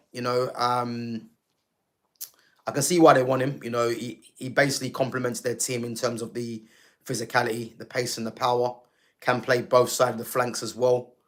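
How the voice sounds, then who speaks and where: Chatty man. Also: mid-range voice. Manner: conversational, frequent fillers and asides to viewers. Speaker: football channel host. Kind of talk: casual football talk livestream.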